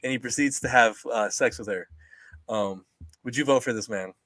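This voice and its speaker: A young man co-hosting a casual podcast chat, animated and profane, often mocking people with quick impressions. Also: medium pitch, no room sound. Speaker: podcast co-host.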